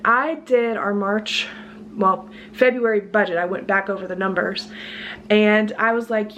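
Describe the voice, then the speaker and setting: A woman's voice: mid-range voice, steady tone, measured pace, fairly bright tone, a little hiss or hum. A woman with a congested voice, chatty and laughing often, filming a casual grocery haul vlog at home. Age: adult student with a job. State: sick, congested voice. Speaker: vlogger. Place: at home, kitchen.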